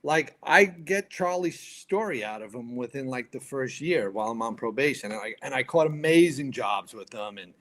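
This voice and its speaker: Man, 50s, retired firefighter, podcast guest, casual storytelling, profane, animated, lively pitch. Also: moderate pace, hardly any pauses. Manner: animated, profane, acts out the people in his stories.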